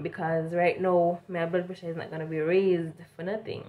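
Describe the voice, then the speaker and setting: A woman's voice: fairly low pitch, fairly even intonation, a little fast, few pauses, phone-quality sound. A young woman from Jamaica with a strong Jamaican accent, telling a vlog story casually and animatedly, slipping between standard English and Jamaican Patois. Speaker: vlogger.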